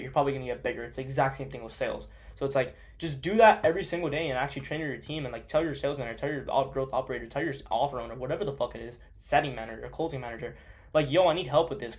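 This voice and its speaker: A young man coaching on sales in a blunt, profane, casual monologue, full of fillers. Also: mid-range voice.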